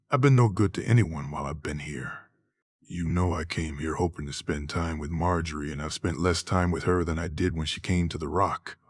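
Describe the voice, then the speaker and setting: A man voicing a troubled, earnest young man in a fantasy audiobook, slow and measured. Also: deep voice, slightly rough, no echo, studio quality.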